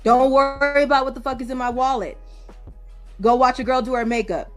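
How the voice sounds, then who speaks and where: A woman rants at her critics in a high voice. She swears freely and meets them head-on. Faint music runs under the recording. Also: fairly even intonation, fairly quick. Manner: profane, confrontational. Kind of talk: heated livestream rant.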